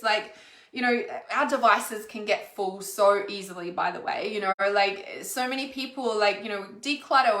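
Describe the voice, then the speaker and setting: Rambling and full of fillers, an Australian intuitive healer chats casually on her spiritual livestream. Her voice sits a little high with a sharp tone, and the audio carries reverb.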